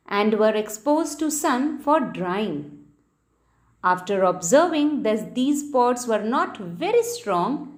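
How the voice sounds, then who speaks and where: Taking her time, a high-pitched female teacher guides small children through a school textbook lesson. Her delivery swoops up and down in a sing-song way, and she breaks off to spell important words one letter at a time.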